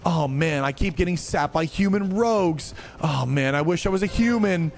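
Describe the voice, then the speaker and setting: A man's voice: on the high side, lively intonation, moderate pace, voice pushed up. A man putting on the voice of a grown male gamer who keeps complaining, whining in an exaggerated way.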